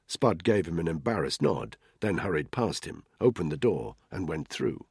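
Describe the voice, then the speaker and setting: A male audiobook narrator with a very deep, husky voice that moves lively up and down as he tells the story. His delivery is tense and measured, read as scripted narration. The recording is dry and close, with no room sound. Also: no echo.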